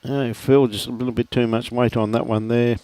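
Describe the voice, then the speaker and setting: A man's voice: medium pitch, level tone, brisk, dark tone, no room sound. A middle-aged man with an Australian accent, commentating a lawn bowls livestream in a chatty, matey way and greeting viewers by name. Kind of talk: relaxed live commentary with viewer shout-outs.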